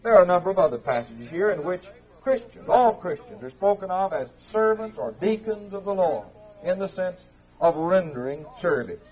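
A man teaching an evening Bible class in a church speaks in a fairly high voice. He is measured and conversational and sometimes stumbles and restarts. The sound is thin and narrow, like an old tape heard over a phone line. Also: big pitch swings. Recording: tinny, narrow-band old tape recording.

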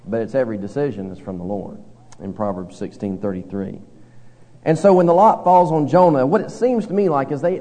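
A man's voice: a little high, warm tone. A man preaching a conversational sermon, reading verses aloud and talking them through with his congregation. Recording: long hall reverb.

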